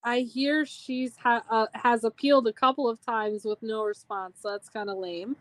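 A woman's voice: fairly high pitch, steady tone, moderate pace. A woman from Minnesota chatting wryly as a podcast guest, laughing easily. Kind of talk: casual podcast chat.

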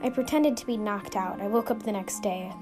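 A woman's voice: medium pitch, a little fast. A woman hosting a show, narrating a scripted suspense story in an earnest, suspenseful way. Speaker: storyteller and podcast host. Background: music.

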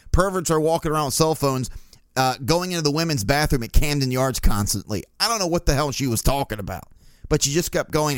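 A man's voice: on the high side, no echo, studio quality. A male podcast host telling a profane, laugh-filled anecdote in a casual storytelling style.

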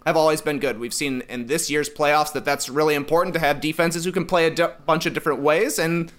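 A man's voice: on the high side, fairly quick. A man on a sports panel, arguing animatedly and emphatically about basketball. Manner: animated, emphatic, rising to shouts. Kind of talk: excited basketball debate.

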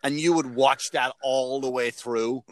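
A middle-aged man hosting a casual comedy podcast, telling animated, profane stories and acting out quotes. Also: mid-range voice, measured pace, dry recording.

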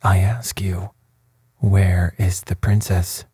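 A man's voice: little pitch movement, dark tone, breathy edge, no echo, clean studio sound, full character voice. A man reading the part of a proud, short-tempered prince, curt and commanding. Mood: impatient. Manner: curt, commanding, slow and low.

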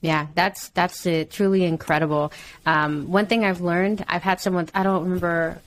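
Woman, podcast host, encouraging, low voice, faint noise. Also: steady tone, normal speed. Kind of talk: casual interview chat.

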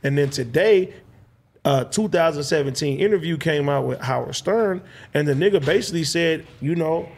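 A man's voice: fairly high pitch, normal speed, vocal fry. A man telling a long personal story in casual, slang-heavy, swearing chat.

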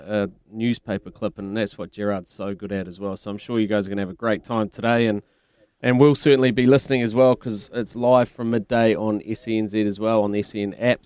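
Teasing New radio host, deep. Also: male voice, a little mellow, clean tone, no room sound. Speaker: radio sports show host. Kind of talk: casual radio chat.

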